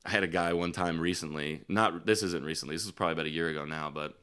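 A man's voice: low-pitched, fast talker, clean tone. A man hosting a casual podcast, telling blunt, profanity-laced stories about playing bar gigs as a musician. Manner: profane, blunt, animated storyteller. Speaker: podcast host and gigging musician. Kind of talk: casual podcast chat and storytelling.

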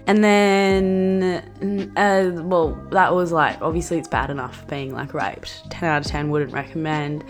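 A woman's voice: low voice, a little slow, soft background music. A young Australian woman in her twenties hosting a solo podcast, ranting bluntly and sarcastically with plenty of swearing. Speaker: podcast host.

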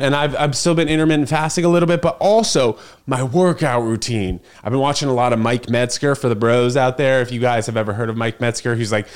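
A young man, chatting solo in a loose, rambling way to a camera set on his fridge at home. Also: medium pitch. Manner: rambling, filler-heavy storytelling. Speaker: podcast host. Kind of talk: casual solo vlog chat. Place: apartment kitchen. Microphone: camera on a refrigerator.

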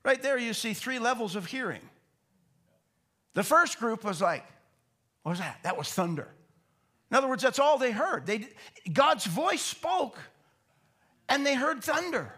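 A man's voice: very high voice, very animated, a little slow, long pauses, pushed and bright. A man preaching a Bible teaching sermon in a conversational way, asking rhetorical questions and repeating words as he explains. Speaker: pastor.

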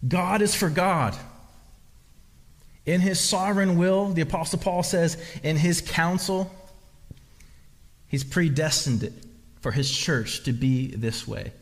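A man's voice: a little high, slow pace, long pauses. A man preaching a sermon as pastor, emphatic and repetitive, often restarting his phrases. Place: church hall. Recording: long reverb of a large hall.

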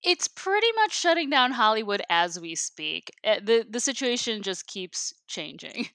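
A woman from Michigan co-hosting a podcast, upbeat and quick to laugh. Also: on the high side, very animated, bright, forceful tone, dry recording. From Michigan, USA. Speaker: podcast co-host. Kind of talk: casual chat.

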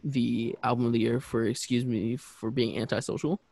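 A man's voice: mid-range voice, level tone, normal speed, gravelly, darkish tone, husky, no echo. A man co-hosting a podcast who talks in a rambling, hesitant way, full of fillers. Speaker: podcast co-host. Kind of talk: casual chat.

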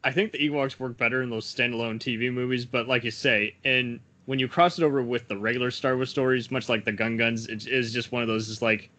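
A man's voice: medium pitch, steady tone, fairly quick, few pauses, bright, forceful tone. Wry man in casual podcast chat. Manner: wry, sardonic. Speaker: podcast co-host.

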